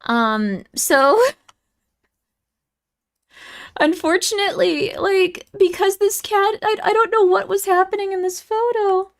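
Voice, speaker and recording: High-voiced chatty young woman streamer. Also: takes it slowly, long pauses. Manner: chatty, giggly, easily moved, many fillers. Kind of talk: casual stream chat.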